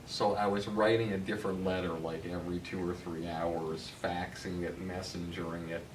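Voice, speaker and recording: A deep-voiced middle-aged man spins long anecdotes, peppering them with ums and uhs. He sounds set back from the mic in an echoey room, with steady noise underneath. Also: normal speed. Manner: animated storyteller, many um and uh fillers. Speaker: talent manager, interview guest. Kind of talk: casual anecdotal storytelling. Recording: roomy, distant mic, noisy.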